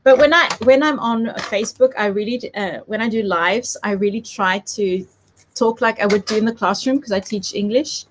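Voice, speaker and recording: Giggly and self-deprecating, a woman with a light South African accent chats her way through a live papercraft tutorial. Her mid-range voice moves at a moderate pace, with a little hiss or hum in the recording.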